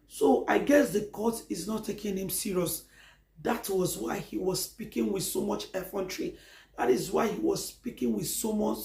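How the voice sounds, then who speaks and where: A Nigerian-accented man delivers an emphatic opinion vlog, pressing his point with rhetorical questions. His voice sits high and carries a gravelly edge. The recording has a roomy echo. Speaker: commentator. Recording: echoey room.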